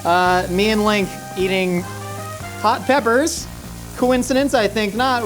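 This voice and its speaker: Deadpan joking cooking host, man. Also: high voice, takes it slowly. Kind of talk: comic cooking show banter. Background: faint music, sizzling pan.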